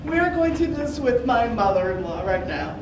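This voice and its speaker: A woman's voice: a little high, very animated, moderate pace. A middle-aged woman giving an impromptu contest speech, heartfelt and choked up at times, breaking into small laughs. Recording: echoey room, mic from far off, noise.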